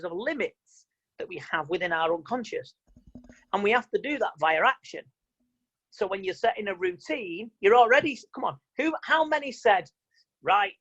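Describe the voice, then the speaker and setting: A man giving an online mind-coaching talk, chatty and animated, acting out what people say. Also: high voice, muffled recording. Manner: animated, chatty, quotes people in mock voices. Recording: video call audio.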